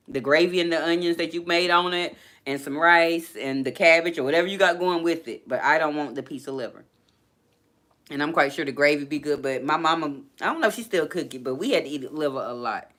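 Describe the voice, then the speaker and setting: A chatty woman hosting a live stream from her laptop, with a bright, forceful voice. She chats casually through viewer comments and laughs often. Her pitch leaps high when something tickles her.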